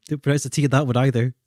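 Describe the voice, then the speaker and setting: Dark-voiced man chatting casually. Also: medium pitch, dry recording, studio quality. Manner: chatty, stammers and repeats words, laughs often. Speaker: gaming streamer. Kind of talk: casual chat while playing.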